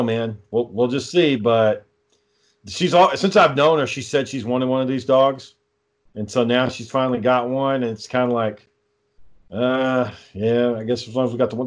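A young man telling a story in casual chat, swearing often and sounding exasperated. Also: mid-range voice.

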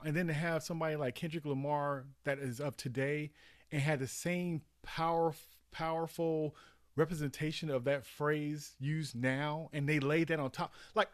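A man co-hosting a casual podcast, talking in a rambling, animated way with many restarts. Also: fairly high pitch, normal speed, no room sound, clean studio sound. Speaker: podcast co-host. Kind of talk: casual chat.

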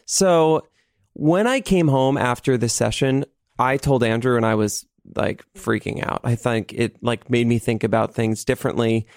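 Animated young man telling a wild story. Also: mid-range voice, no echo. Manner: animated, dramatic, swearing, laughing as he tells it. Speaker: podcast host. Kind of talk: casual storytelling.

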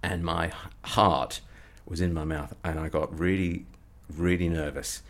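A man with a very low, deep voice tells a story to an interviewer. He gets animated, his voice rising as he acts out the people in it. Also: measured pace. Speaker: comedy performer and guest. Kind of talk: anecdotal storytelling.

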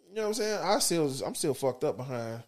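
A man with a Southern US accent co-hosting a casual podcast, profane and animated, acting out imagined quotes. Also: a little high, a little fast. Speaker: podcast co-host. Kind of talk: casual chat.

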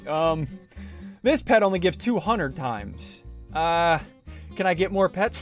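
A man hosting casual video game commentary, excitable and yelling in bursts when things go his way. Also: on the high side, moderate pace, gravelly, pauses often. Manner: excitable, yells in bursts at wins. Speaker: YouTube gamer host. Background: game music.

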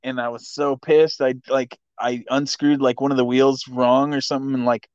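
A man's voice: medium pitch, flat delivery, normal speed, smooth, no room sound. Laid-back swearing man, dry muffled sound. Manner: laid-back, profane, laughs often. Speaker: guest. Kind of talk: casual storytelling chat.

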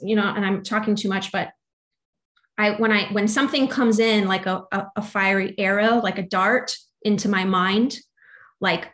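A young adult woman, a musician guest, talking through faith and doubt in a loose, rambling way full of fillers. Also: mid-range voice. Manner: rambling, filler-heavy, animated. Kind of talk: casual faith conversation.

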